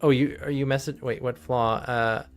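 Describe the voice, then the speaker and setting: A man's voice: medium pitch, steady tone, normal speed, faint music behind. Rambling man running a tabletop game. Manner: rambling, filler-heavy, laughing. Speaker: game master.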